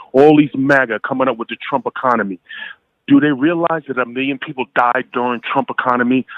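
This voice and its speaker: A man's voice: mid-range voice, no echo. Man from las vegas, emphatic caller, point by point, tinny phone line, dry sound. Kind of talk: call-in political rant.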